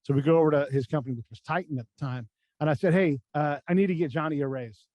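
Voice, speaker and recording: A man's voice: on the high side, fast, a little mellow, no room sound. An American man, a former army combat spy, telling war stories as a podcast guest in a blunt, profane, casual way and acting out the lines of the people in them. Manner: blunt, profane, acts out quoted dialogue in his stories. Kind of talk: casual storytelling chat.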